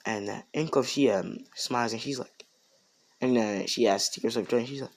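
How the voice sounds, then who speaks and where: A man improvising a fan story narration, slow and hesitant, full of ums and you-knows. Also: mid-range voice. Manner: slow, hesitant, lots of fillers.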